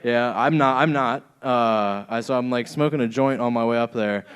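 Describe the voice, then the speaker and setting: A man performs stand-up into a handheld mic on a club stage. His delivery is crude and rambling, at a middle pitch, and he keeps laughing at his own jokes as he goes. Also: normal speed, smooth. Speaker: stand-up comedian. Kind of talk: stand-up comedy set.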